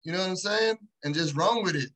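Animated high-voiced man telling stories. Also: fairly quick, poor audio. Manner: animated, swearing, slangy street talk. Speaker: guest, entrepreneur. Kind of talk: casual interview storytelling.

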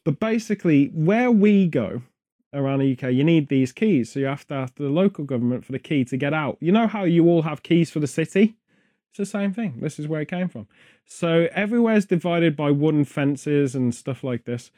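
A man's voice: fairly high pitch, expressive, moderate pace, warm tone, no echo, studio quality. A British man hosting a podcast, rambling through casual chat full of wry, absurd jokes. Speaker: podcast host.

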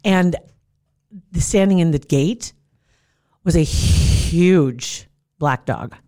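A woman in casual chat, telling a story in an animated way and laughing often. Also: lowish voice, extremely slow.

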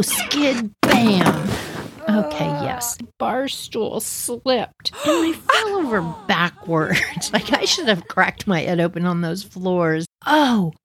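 A middle-aged woman telling a personal story in a casual, lively way, acting out voices with big jumps in pitch. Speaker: podcast storyteller.

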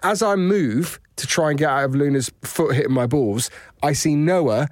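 Animated dad telling a story. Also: male voice, a little high, normal speed, no room sound, clean studio sound. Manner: animated, laughing, acts out voices in anecdotes. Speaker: podcast co-host. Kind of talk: casual storytelling chat.

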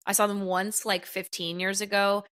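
A woman co-hosting a comedy podcast, animated and joking, laughing often through casual chat. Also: mid-range voice, moderate pace, smooth. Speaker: podcast co-host.

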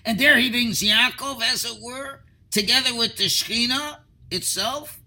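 A man's voice: very high-pitched, unhurried, sharp tone, low-quality recording. A man teaching a Torah lecture as a rabbi, explaining earnestly through stories and rhetorical questions.

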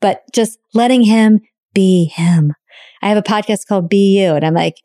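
A woman's voice: mid-range voice, moderate pace, warm tone, dry recording, studio quality. A woman co-hosting a podcast, telling a personal story openly and emotionally, swearing casually. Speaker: podcast co-host.

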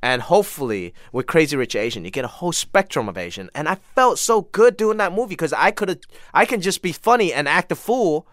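Animated man with a lively voice. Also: fairly high pitch, fairly quick, no room sound, studio quality. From Hong Kong. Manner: animated storytelling, quotes others in lively voices. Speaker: guest, comedian and actor. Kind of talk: casual interview chat.

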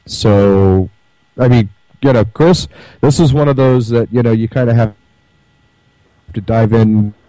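A man's voice: medium pitch, measured pace, pauses often, warm tone, dry recording, poor audio. A man hosting a talk radio show, chatting casually and rambling with many fillers and restarts. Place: remote broadcast from home.

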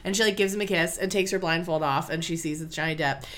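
Chatty bright-voiced woman retelling a film. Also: lowish voice, fast talker. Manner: animated retelling, peppered with "like" and "okay?". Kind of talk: casual chat.

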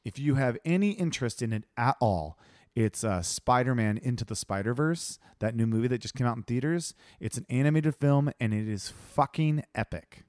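A man's voice: mid-range voice, lively intonation, moderate pace, a little mellow, dry recording, studio quality. A man co-hosting a podcast in casual chat, laid-back and playful, swearing freely. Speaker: podcast co-host.

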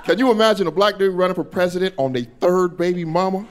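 Animated man doing stand-up. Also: quick pace, some chatter behind. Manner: animated, acting out characters in high voices. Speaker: stand-up comedian. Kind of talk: stand-up comedy set. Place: comedy club stage with live audience.

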